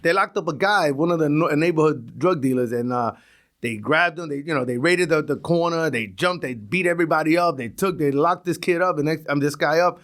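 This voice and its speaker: A middle-aged guy tells stories from the street in a loose, profane way. He keeps tripping over and repeating his words. His voice sits a bit high for a man. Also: fairly quick, fairly bright tone. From East New York, Brooklyn. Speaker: retired police sergeant, guest. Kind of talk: casual storytelling.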